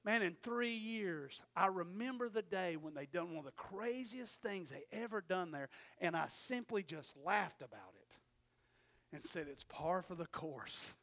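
A preacher man in his forties tells a story from the pulpit in a very high, bright, pressing voice. He swings between quiet asides and shouted peaks and keeps asking the congregation "Amen?". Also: animated, unhurried. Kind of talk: sermon storytelling.

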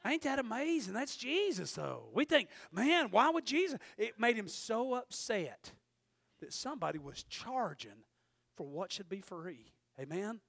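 A man preaching a folksy sermon, dropping to hushed asides and rising to shouted peaks. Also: sits high, sing-song, measured pace, vocal fry, no echo.

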